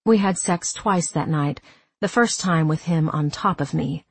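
A woman reading a first-person story aloud as an audiobook narrator, calm and measured. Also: deep voice, husky, dry recording.

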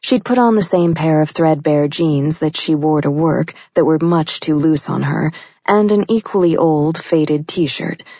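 A woman narrating an audiobook in an even, intimate reading style, close to the mic. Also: sits low, a little slow, husky, dry recording, muffled recording.

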